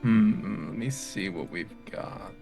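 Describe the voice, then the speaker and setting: A man's voice: fairly low pitch, lively intonation, slow, vocal fry, warm tone. A man playing at a tabletop game, talking in a loose, rambling style and drifting onto tangents. Faint music sits behind him. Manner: rambling, tangent-prone, laughing. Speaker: player. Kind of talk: casual game chat.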